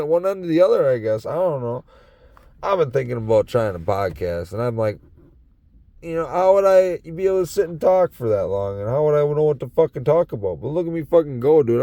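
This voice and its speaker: This young man from Wisconsin hosts a podcast and chats profanely about his life from his parked truck, laughing as he goes. His voice runs on the high side and mellow. A phone or camera in the truck captures it with no room sound.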